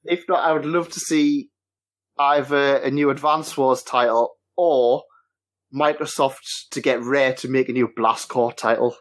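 A man's voice: medium pitch, steady tone, unhurried. A man hosting a casual podcast chat, hesitant with many restarts. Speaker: podcast host.

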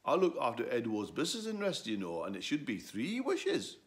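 A man's voice: mid-range voice, wildly swooping pitch, fairly quick, pitched above the performer's own voice. A man voicing a cheeky, know-it-all male donkey in a storybook, brash and cocky.

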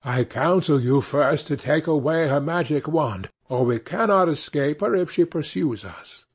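A man reading a fairy tale, voicing the calm young sweetheart giving careful advice. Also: fairly high pitch, a little slow, husky, exaggerated voice. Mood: calm counsel.

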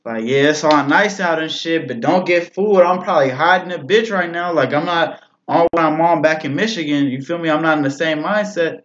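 A young man giving casual reaction commentary, relaxed and slangy, leaning on "bro" and "man" as he talks. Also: fairly high pitch, a little fast, few pauses. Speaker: reaction video host. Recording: dull lo-fi recording. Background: faint rap music playing.

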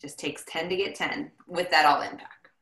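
A woman's voice: deep voice, fairly even intonation, normal speed, fairly bright tone, roomy sound, rough recording. A woman co-hosting a casual team call, upbeat and urging listeners to act. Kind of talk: casual chat.

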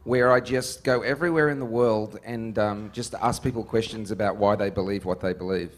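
A man, a musician being interviewed. He tells stories in an animated, joking way and laughs often. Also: lowish voice, fairly quick. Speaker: musician guest. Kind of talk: casual interview storytelling.

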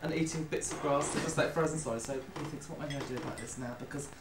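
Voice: mid-range voice, very fast, reverberant, recorded from a distance, over a noisy crowd, poor audio. A speaker telling jokes at home and acting out the characters. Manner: animated storyteller who acts out the characters. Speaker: joke teller.

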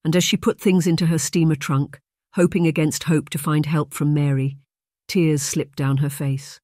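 Man reading an audiobook, steady and dry. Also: a little high, moderate pace, dry recording. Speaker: audiobook narrator. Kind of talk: scripted audiobook narration.

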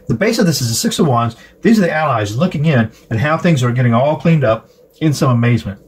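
A man giving a casual tarot reading to camera, halting now and then and chatting with his viewers. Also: a little high, animated, breathy edge. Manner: halting, frequent fillers and restarts; chatty, asks viewers to comment. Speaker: tarot reader.

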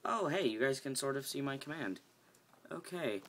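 A woman's voice: a bass voice, lively intonation, moderate pace, slight background noise. A woman hosting a casual, rambling game tutorial, chatting and getting sidetracked as she builds. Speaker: video game tutorial host.

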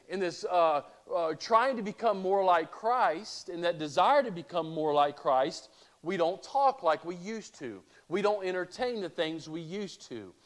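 A male pastor preaching a sermon, asking rhetorical questions and reading scripture aloud. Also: high-pitched.

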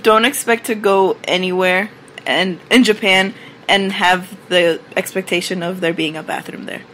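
Bright-voiced chatty woman podcaster. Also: on the low side, fairly even intonation, moderate pace, a little hiss or hum, poor audio. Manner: chatty, storytelling, swearing. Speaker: podcast co-host. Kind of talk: casual chat, telling anecdotes.

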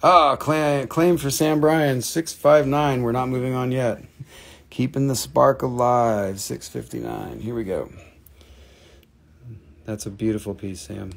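Gravelly Southern man hosting a live sale. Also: medium pitch, fairly even intonation, measured pace. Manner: joking, chatty, laughs at himself. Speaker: host of a live gem and mineral sale. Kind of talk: live selling chat.

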